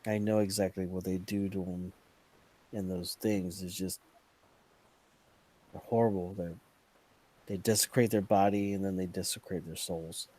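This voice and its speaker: Guy playing a sad earnest silver dragon, slow and kinda low. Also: fairly even intonation, darkish tone. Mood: grieving. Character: grieving male silver dragon in disguise.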